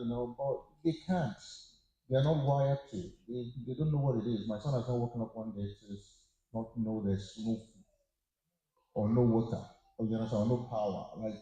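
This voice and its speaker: A man's voice: fairly low pitch, mellow, lo-fi sound. A middle-aged man on a conference panel, sharing personal stories in an emotional, heartfelt way. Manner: emotional, fond of crying, speaks with feeling. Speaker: panel guest. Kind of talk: candid personal storytelling. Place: conference hall at a media summit. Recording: echoey hall sound.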